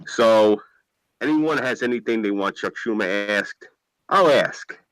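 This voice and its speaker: A man's voice: on the low side, unhurried, a bit bright, dry recording, poor audio. A man with a New York accent chatting on a livestream, swearing freely and telling stories. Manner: profane, storytelling. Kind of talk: casual livestream chat.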